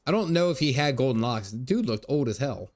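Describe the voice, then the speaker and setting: A man's voice: mid-range voice, expressive, a little fast, darkish tone. A man streaming a game, giving casual, chatty commentary with frequent laughs and casual swearing. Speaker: gaming streamer.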